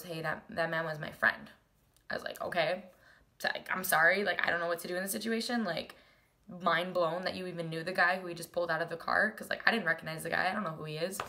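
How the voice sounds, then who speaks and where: A woman's voice: on the low side, pushed and bright. A young woman from North Dakota telling a personal story in a casual, chatty way, full of "like"s and acted-out quotes. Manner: chatty, many "like"s, acts out quoted dialogue.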